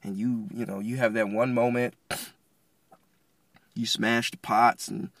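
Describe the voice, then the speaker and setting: A man's voice: medium pitch, level tone, slow pace, gravelly, a bit bright, no room sound. Rambling man musing in a dry room. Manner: rambling, conversational, frequent restarts and slang. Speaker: podcast host. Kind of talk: casual reflective devotional talk.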